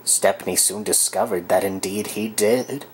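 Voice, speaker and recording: Deep-voiced woman, storybook narrator, loud music under her. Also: measured pace, low-quality recording. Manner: steady storytelling. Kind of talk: storybook narration in a fan redub.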